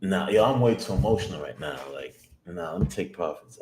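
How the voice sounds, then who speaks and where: A young man with a fairly low speaking voice talks to himself while day trading, cursing constantly in loose slang. He keeps repeating himself, then breaks into high-pitched excited shouts whenever a trade moves. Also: fairly quick, gravelly, noisy background. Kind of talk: live trading vlog, talking to himself.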